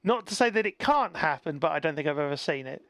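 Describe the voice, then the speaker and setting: A man hosts a game stream, coaching a blind player and chatting encouragingly with viewers, reading out chat and laughing often. His fairly high voice is animated, quick, and a bit bright, with no room sound but faint background noise.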